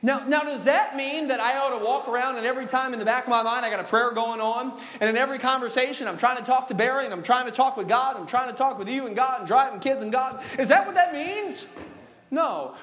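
A man's voice: very high-pitched, fairly bright tone. A male pastor preaching a sermon, joking with the congregation and calling for responses, stretching out key words. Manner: call-and-response preaching, drawn-out emphasis; jokey, laughing asides. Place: church sanctuary.

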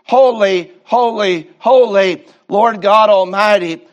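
A man's voice: high-pitched, muffled recording. A man preaching a sermon with fervor, drawing out his repetitions and stumbling into restarts. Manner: fervent preaching, slow drawn-out repetitions, stammering restarts.

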